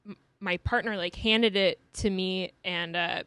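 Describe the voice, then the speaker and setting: A woman's voice: lowish voice, steady tone, unhurried, bright, forceful tone, smooth, dry recording. A woman in her early twenties, a podcast guest telling a story in casual chat, hesitant and full of fillers. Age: 20s.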